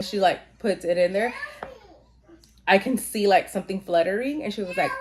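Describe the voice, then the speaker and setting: A woman's voice: medium pitch, a little fast. A young woman vlogger telling a personal story in a casual, chatty way, full of "like" fillers and the odd swear word, acting out what people said. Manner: chatty, frequent "like" fillers, swearing, acts out quoted voices. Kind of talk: casual storytelling while getting ready.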